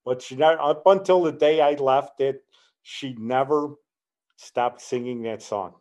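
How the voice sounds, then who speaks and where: A man's voice: medium pitch, measured pace, a little mellow. A man in his sixties hosting a podcast, telling long, rambling anecdotes in casual chat and retelling conversations with "he goes". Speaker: podcast host.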